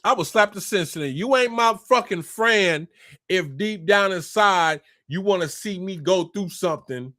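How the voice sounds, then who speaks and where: A man with a high, piercing voice delivers a fiery spiritual rant. He is blunt and profane, and he drives each point home by repeating it again and again. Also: a bit bright. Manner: profane, blunt and emphatic, repeats phrases for stress. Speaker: spiritual motivational speaker.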